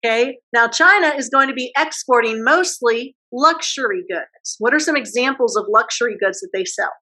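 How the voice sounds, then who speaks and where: Woman teacher lecturing, bright highish voice, casual slangy, asks questions. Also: lively intonation, moderate pace, low-quality recording. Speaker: history teacher. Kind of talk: classroom lecture.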